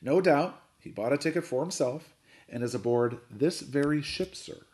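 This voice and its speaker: A man's voice: on the high side, a little mellow, lightly acted. Man doing a prim, polite butler. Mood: courteous. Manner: formal, courteous, quick speech. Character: polite, unflappable adult male butler.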